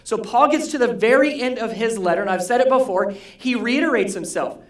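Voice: mid-range voice, brisk. Roomy-sounding pastor quizzing the congregation. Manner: asks the congregation questions, repeats key words. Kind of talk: conversational sermon. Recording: roomy hall echo.

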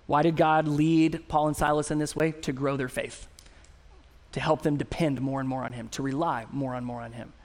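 Delivering a sermon at a moderate pace, a middle-aged pastor speaks with a light, high-placed voice. He swings between hushed, thoughtful moments and sudden bursts of excitement, telling stories with lively humor at his own expense.

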